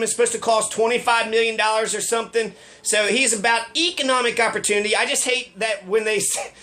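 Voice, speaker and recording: A local political commentator from Colorado launches into a casual, rambling rant that's sarcastic and loaded with profanity. His voice sits at an extremely high pitch and sounds pushed and bright.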